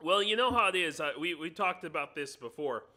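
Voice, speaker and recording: An American man hosts a casual, joking live stream over a computer mic, adjusting his sound setup as he goes. His voice is on the high side, expressive and a little fast, with a bright, forceful tone.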